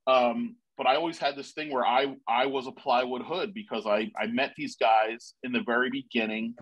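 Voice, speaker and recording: A man, a panel guest, telling a rambling, excitable story in a casual way with many restarts. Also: medium pitch, moderate pace, low-quality recording.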